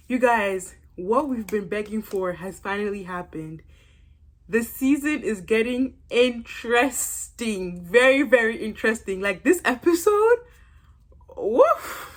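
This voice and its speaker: Animated gossipy woman vlogger, higher voice. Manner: gossipy, animated, exclaiming with quick asides. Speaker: YouTube reality-TV reviewer. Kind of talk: casual review vlog.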